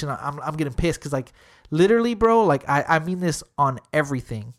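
Man in casual chat retelling a run-in, cusses freely, lots of filler words, animated delivery. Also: a little high, fast. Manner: heavy swearing, fillers like "literally" and "dude"; animated retelling, acting out quotes.

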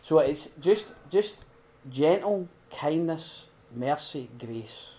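A middle-aged man giving an earnest, heartfelt talk at a recovery retreat. He swings between loud emphasis and hushed, prayerful quiet. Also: on the high side, animated, takes it slowly. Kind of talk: informal sermon talk.

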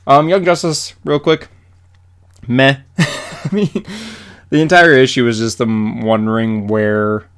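Smooth-voiced young man recapping comics. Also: medium pitch. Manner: animated, filler-heavy comic recaps. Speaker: podcast co-host. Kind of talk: casual chat.

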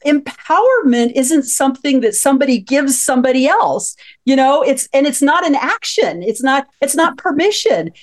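Woman in her 50s hosting a radio talk show, lively and chuckly, kinda high voice. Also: moderate pace, hardly any pauses. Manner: animated, chuckling, storytelling. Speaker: host, psychologist.

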